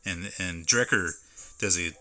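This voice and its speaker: A man's voice: sits low, unhurried, bright, forceful tone. A man streaming live from home, chatting casually and reading labels aloud as he unboxes. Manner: rambling, stops to read can labels aloud.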